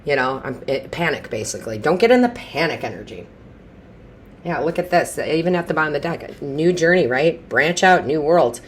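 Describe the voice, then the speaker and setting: A woman's voice: low voice, lively intonation, moderate pace, a little hiss or hum. A woman giving an intuitive tarot reading in a chatty, reassuring way, repeating phrases for emphasis and often restarting mid-sentence. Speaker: tarot reader.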